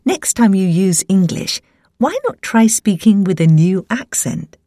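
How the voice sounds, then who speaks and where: A woman reading an essay aloud as scripted narration, measured and carefully enunciated. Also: medium pitch, lively intonation, mellow, no echo, studio quality. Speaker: essay reader.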